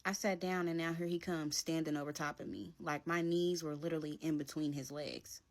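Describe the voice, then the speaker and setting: Woman, casual storytime, blunt, candid, lower voice. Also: steady tone, a little fast. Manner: candid and blunt, retelling events play by play.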